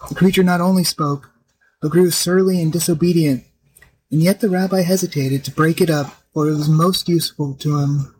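A man narrating a folk tale in a steady, expressive reading. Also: fairly high pitch, normal speed, poor audio. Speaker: storyteller. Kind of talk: scripted storybook narration.

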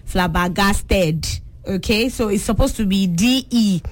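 A young Nigerian woman hosting a call-in spelling quiz, saying each word slowly and clearly. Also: medium pitch, a little mellow. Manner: pronounces quiz words slowly and deliberately. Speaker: radio quiz host.

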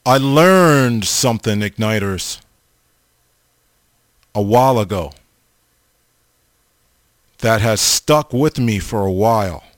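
A man preaching an informal sermon, slow and halting, often pausing and restarting as he addresses his listeners. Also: on the low side, expressive, dry recording. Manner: slow, halting, repeats the audience name often.

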